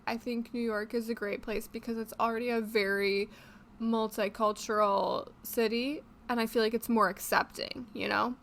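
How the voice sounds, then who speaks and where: A young woman co-hosts a casual podcast, bantering and laughing often. Her voice sits a little high. A faint hiss of noise runs under the recording. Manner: chatty, laughs often, playful. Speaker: podcast co-host. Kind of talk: casual chat.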